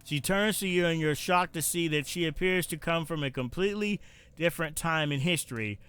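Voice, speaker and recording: A man's voice: on the high side, fairly quick, fairly bright tone, clear, resonant tone. A man streaming a dating game, reading its text aloud with playful joking asides.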